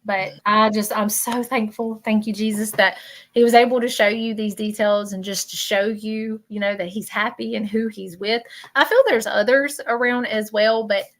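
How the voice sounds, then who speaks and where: A woman with a Southern accent, a spiritual medium hosting a livestream, soft-spoken and apologetic, talking over a video call. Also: medium pitch, steady tone, normal speed. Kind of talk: livestreamed reading and chat.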